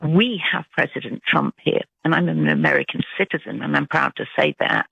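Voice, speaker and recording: A woman from Britain with a British accent, calling in to a talk radio show, speaking earnestly and haltingly with many restarts. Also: sits low, expressive, creaky, fairly bright tone, husky, dry recording. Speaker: caller. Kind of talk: call-in radio phone call. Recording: tinny phone line.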